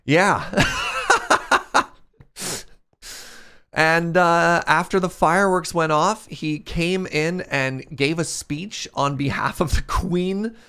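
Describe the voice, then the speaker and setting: A man's voice: on the high side, takes it slowly, pushed and bright, clean tone. A man in his thirties streaming a game, telling a story in casual chat and laughing often. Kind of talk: casual storytelling while gaming.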